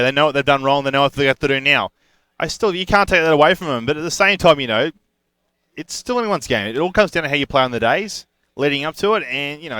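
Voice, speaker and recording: Fast, bright-voiced rural Australian caster. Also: male voice, mid-range voice, dry recording. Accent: thick rural Australian. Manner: chatty, energetic, loose. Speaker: esports caster. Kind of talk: live esports commentary.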